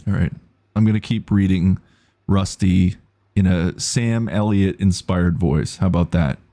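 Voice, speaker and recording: A man's voice: low voice, a little slow, warm tone. A man streaming a game live, chatting casually and reading out viewer messages. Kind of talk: casual gaming commentary.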